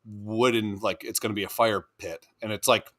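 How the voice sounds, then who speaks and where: A man's voice: fairly low pitch, fairly even intonation, normal speed, a bit bright. A man co-hosting a crude, casual podcast chat, rambling, laughing often and slipping into goofy voices. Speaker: podcast co-host.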